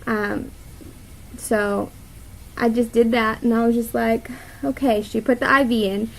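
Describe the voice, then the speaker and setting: A young woman with a slightly high voice tells a story in a casual vlog. She talks in a chatty, rambling way, full of fillers and quoted thoughts. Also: steady tone, measured pace, gravelly, low-quality recording. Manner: chatty, many fillers and quoted inner thoughts, laughs often. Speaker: vlogger.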